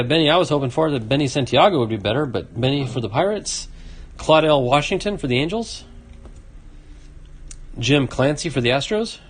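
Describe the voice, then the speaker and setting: A man hosting a casual card-opening video, reading off names and chatting to a viewer. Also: on the high side. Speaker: card collecting video host. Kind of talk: casual box-opening commentary.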